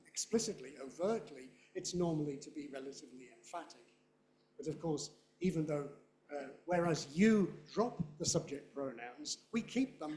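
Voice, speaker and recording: In an echoey lecture room, a native English-speaking man with a fairly high, slightly mellow voice gives a conference lecture. He explains his points and says example phrases aloud to demonstrate them.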